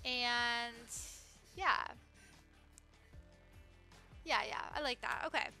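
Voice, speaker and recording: A young woman live-streaming a game, gushing excitedly and chatting with viewers. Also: a little high, very slow, faint music behind. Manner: excitable, gushing, talks to chat.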